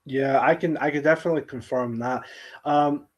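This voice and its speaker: A man with a soft central-belt Scottish accent hosting a casual podcast, easygoing and quick to laugh. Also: mid-range voice, fairly even intonation. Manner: soft-spoken, laughs often. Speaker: podcast host.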